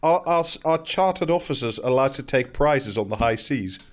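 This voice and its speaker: A man throws out absurd jokes in a casual podcast chat. His pitch swoops up and down a lot as he talks. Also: animated, normal speed. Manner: jokey, absurd riffs. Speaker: podcast co-host.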